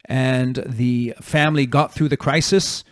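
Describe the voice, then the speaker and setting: A man's voice: mid-range voice, steady tone, measured pace, no room sound. Man giving direct coaching advice, dry sound. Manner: direct, coaching tone with numbered points. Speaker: podcast host. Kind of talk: solo advice talk.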